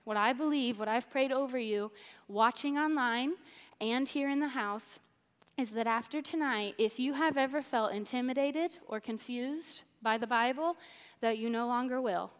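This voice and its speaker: A woman's voice: a little high, moderate pace, clean tone. Upbeat woman speaker in a big hall. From Missouri, USA. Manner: enthusiastic, earnest and effusive. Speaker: church speaker. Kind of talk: sermon-style Bible teaching. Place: church auditorium. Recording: long church-hall reverb.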